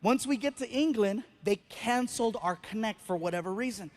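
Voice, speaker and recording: A man performing stand-up comedy, telling a story in a lively way and acting out the other people in it. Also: sits high, brisk. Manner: animated, acts out the other people in his stories.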